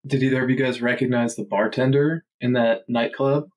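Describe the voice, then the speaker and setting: A man's voice: mid-range voice, steady tone, brisk. A man chatting casually on a film podcast, joking and chuckling through his remarks.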